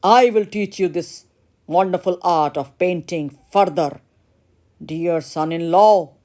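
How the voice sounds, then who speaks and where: A woman voicing an old male master painter who is proud and excitable, talking loudly and exclaiming. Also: on the low side, takes it slowly. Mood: delighted. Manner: loud, exclaiming, fussing.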